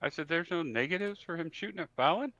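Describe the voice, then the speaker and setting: A man playing a tabletop game who describes his moves haltingly, with many ums, and questions the rules. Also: a little high, expressive, sharp tone, no room sound, dull audio. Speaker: player. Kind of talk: casual tabletop game play.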